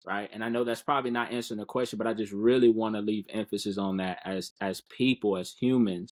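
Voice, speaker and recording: A man's voice: fairly low pitch, fairly even intonation, fast talker, a little mellow. A man speaking as a guest in a casual podcast interview, earnest and encouraging, often repeating words while he finds them.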